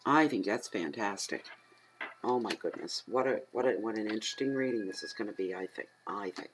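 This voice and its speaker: A middle-aged woman from Atlantic Canada, a tarot reader who rambles and chats casually at home, talking aloud to herself and getting easily excited. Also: extremely low pitch, brisk, background noise. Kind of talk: casual chatty tarot reading.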